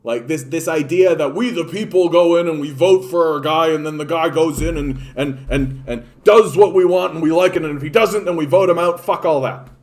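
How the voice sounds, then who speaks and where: A man's voice: fairly high pitch, moderate pace, hardly any pauses, a little mellow. A man ranting about politics on a livestream, impassioned and full of swearing. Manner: impassioned, profane, repetitive. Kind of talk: unscripted political rant.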